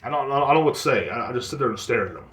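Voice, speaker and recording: A man's voice: medium pitch, very fast. Profane rambling man in a roomy room. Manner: profane, rambling, animated storytelling. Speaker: podcast host. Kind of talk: casual solo podcast rant.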